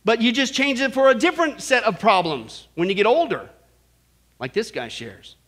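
Male pastor, bright high voice, lively storytelling sermon. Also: moderate pace. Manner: animated storytelling, frequent "listen" and "right?".

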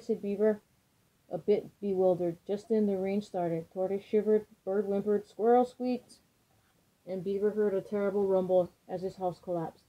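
A woman reading a children's picture book aloud with expressive, lively storytelling. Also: mid-range voice, moderate pace. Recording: dull lo-fi recording.

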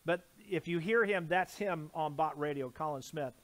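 A man delivers a sermon from the pulpit. His voice sits high and carries emphasis. He repeats key phrases and keeps turning questions back to the congregation. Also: moderate pace. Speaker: pastor. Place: church sanctuary.

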